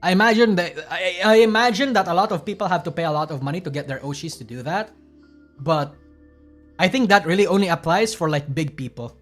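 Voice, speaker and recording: A man's voice: sits high, brisk, fairly bright tone, faint music behind. A man casually commenting as a streamer reacting to clips, profane, rambling and self-deprecating.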